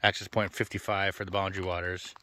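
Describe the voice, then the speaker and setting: A middle-aged man giving relaxed, chatty tour-guide commentary for a family travel vlog, recorded outdoors on a handheld camera. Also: deep voice, fast. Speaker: family vlogger. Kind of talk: casual travel vlog narration. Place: outdoors on a lake and trails.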